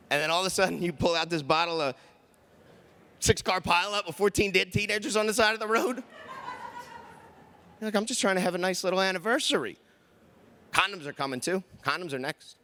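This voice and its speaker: A man's voice: on the high side, sharp tone. A man doing a stand-up comedy set on a conference stage, chatting with the crowd and acting out quoted voices.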